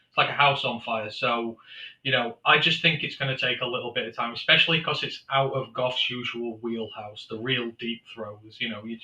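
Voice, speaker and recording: A man's voice: medium pitch, pushed and bright, roomy sound, muffled recording. A man joining a casual sports live stream as a guest, giving his views at length and in a thoughtful way. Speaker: podcast guest.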